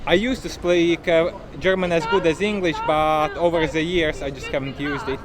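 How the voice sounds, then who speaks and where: A man's voice: on the high side, steady tone, normal speed. A man with a Latvian accent, a police officer on duty, speaking politely and briefly. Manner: polite, soft-spoken, brief. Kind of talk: casual chat. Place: busy city street outdoors. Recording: noisy outdoor crowd recording. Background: crowd and traffic.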